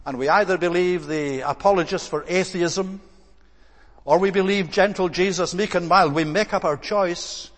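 Man, preacher, sermon, emphatic repetition, somewhat high-pitched, long echo. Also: normal speed.

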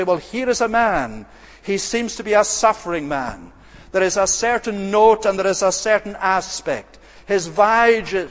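A man preaching an expository sermon, measured and earnest, slowing down to dwell on quoted scripture. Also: high voice, long reverb tail.

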